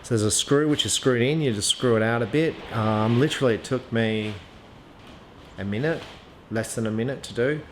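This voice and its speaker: A man's voice: mid-range voice, normal speed. Chatty man reviewing gear in an echoey room. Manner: chatty, hesitant, lots of ums and restarts. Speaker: archery equipment reviewer. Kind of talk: casual product review, thinking aloud. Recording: echoey room with faint ambient noise.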